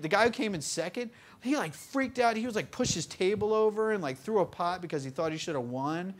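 A man in his twenties telling stories in a casual interview, animated, full of fillers and laughing often. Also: high-pitched, a little fast, hardly any pauses, a little hiss or hum. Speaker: interview guest. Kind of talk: casual storytelling. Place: bookstore event.

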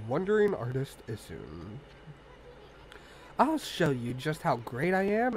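A man's voice: high-pitched, slight background noise, full character voice, poor audio. A man voicing a boastful tiny male wandering artist, reading game dialogue aloud in a brash, cocky manner.

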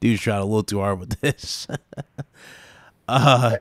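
A man's voice: on the low side, takes it slowly, fairly bright tone, no room sound, clean studio sound. A man hosting a casual gaming podcast, brash and profane, laughing often. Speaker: gaming channel host.

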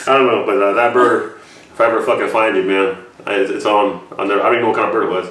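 Fast-talking swearing man. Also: fairly low pitch, fairly even intonation, a bit bright. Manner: rambling and heavy swearing. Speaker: reaction channel host. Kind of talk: casual storytelling to camera. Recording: echoey room from far off.

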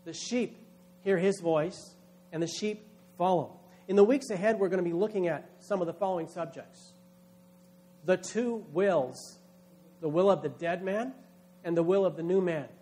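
A man's voice: sits high, normal speed, warm tone. A man, a pastor, preaching a sermon with emphatic delivery, acting out quoted voices.

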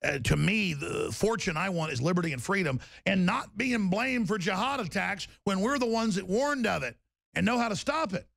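A gravelly, fairly high-pitched male host on heated talk radio. He rants loudly and combatively and keeps jumping into high, sneering mock voices. His voice is recorded dry and close. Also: animated, moderate pace, no echo. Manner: loud, combative, swings into high mocking voices.

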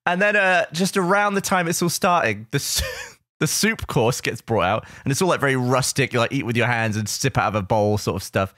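A man's voice: medium pitch, expressive, brisk, a bit bright, no echo, studio quality. A man co-hosting a podcast in casual chat, laughing as he tells a story. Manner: laughs through his stories. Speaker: podcast co-host.

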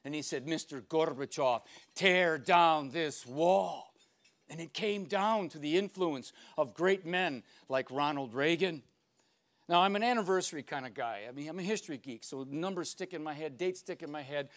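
Emphatic older man lecturing, high-pitched. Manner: emphatic, declamatory speaking with dramatic pauses. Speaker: speaker.

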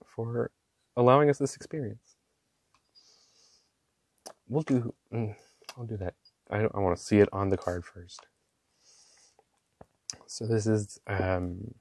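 A man chatting casually while swatching inks, gushing and excitable, with slangy talk and lots of fillers. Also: on the low side, gravelly. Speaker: ink swatching vlogger.

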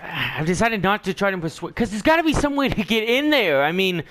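A young man giving excitable let's play commentary, often yelling and laughing at the game. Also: high-pitched, brisk. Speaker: gameplay commentator.

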